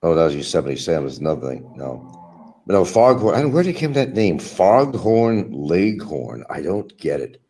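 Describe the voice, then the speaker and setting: A man's voice: deep voice, sing-song, moderate pace, warm tone. A man hosting a stream, giving a combative, mocking monologue aimed at absent rivals. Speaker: livestream host. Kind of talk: ranting monologue.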